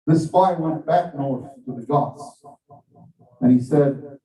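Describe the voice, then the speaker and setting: A man preaching a Friday sermon, telling a story with measured, earnest emphasis and then exhorting his listeners. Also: mid-range voice, muffled recording. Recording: echoey hall, voice from a distance.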